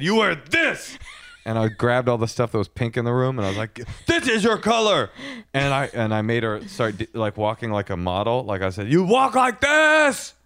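A man's voice: fairly low pitch, smooth, no room sound. A man co-hosting a podcast, chatting casually and joking in a playful, exaggerated way. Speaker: podcast co-host. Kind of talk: casual comedic chat.

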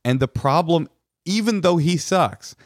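A man's voice: on the high side, lively intonation, a little slow, dry recording, studio quality. A man co-hosting an advice podcast, talking bluntly and emphatically and swearing freely. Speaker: podcast co-host giving advice. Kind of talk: casual advice chat.

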